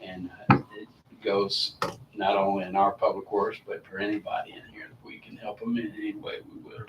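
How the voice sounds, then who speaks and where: A man's voice: fairly low pitch, level tone, normal speed, muffled recording. A man chairing a city committee meeting, friendly, rambling and apologetic. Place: council meeting room. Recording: echoey room, distant mic, faint hiss.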